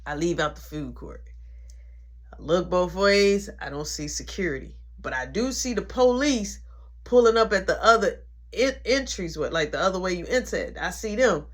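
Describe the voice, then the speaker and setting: A woman's voice: on the low side, moderate pace. A woman telling a comedic story in slangy casual talk, acting out everyone's lines. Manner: animated, acts out quotes, slangy.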